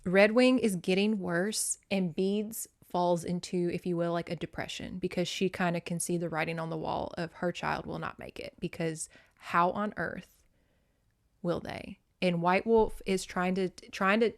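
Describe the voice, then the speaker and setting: Speaking in a lowish, steady voice at a measured pace, this woman from the United States reviews a book on her podcast in casual conversation. She's emotional and crying, cursing frequently and dissolving into teary laughs.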